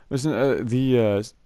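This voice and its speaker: A man's voice: mid-range voice, mellow, dry recording. A young man casually telling rambling camp stories, laughing often and filling gaps with "uh". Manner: rambling, laughs often, many fillers and restarts. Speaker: scout camp storyteller. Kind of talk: casual storytelling vlog.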